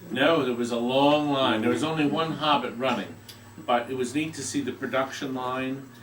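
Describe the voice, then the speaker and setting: A man's voice: mid-range voice, fairly even intonation, moderate pace. A man co-hosting a casual podcast, talking in a plain, matter-of-fact way. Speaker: podcast co-host. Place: arcade. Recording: roomy hall, distant mic, faint noise.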